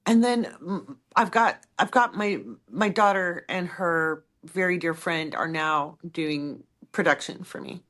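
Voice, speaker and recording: A middle-aged woman co-hosting a podcast, chatting casually and rambling through stories in an animated way. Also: on the low side, measured pace, few pauses. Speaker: podcast co-host.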